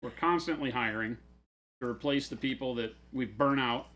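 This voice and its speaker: A man's voice: mid-range voice, normal speed, sharp tone. A man hosting a casual miniature-painting livestream, joking and self-mocking with his co-hosts. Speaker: host. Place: hobby shop studio.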